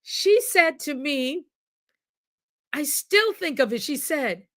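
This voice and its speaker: A woman, a nurse and coach, hosting a casual live stream and talking straight to her viewers with lively, frequent laughter. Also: sits high, slow, pauses often. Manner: animated, laughs often, speaks straight to viewers. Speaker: host. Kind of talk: casual livestream talk to viewers. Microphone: computer mic on a live stream.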